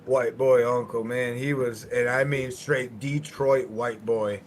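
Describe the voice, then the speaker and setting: A man in a relaxed stream chat, spinning long anecdotes and slipping into animated voices when he quotes people. His voice sits at an ordinary middle pitch. A faint hum of background noise runs underneath. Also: slow pace. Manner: storytelling, animated when quoting others. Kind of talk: casual chat.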